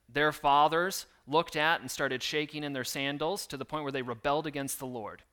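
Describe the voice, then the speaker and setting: A man delivering a sermon with a bright, forceful tone. He reads scripture and then explains it in an earnest, conversational way, slipping in casual asides as he goes. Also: medium pitch, clean tone. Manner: earnest, conversational preaching with fillers and scripture readings. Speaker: pastor.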